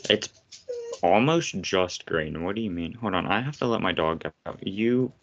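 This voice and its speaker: Blunt deep-voiced man, teasing. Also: lively intonation, normal speed, background noise. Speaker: podcast co-host. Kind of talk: casual chat. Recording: slightly muffled podcast audio.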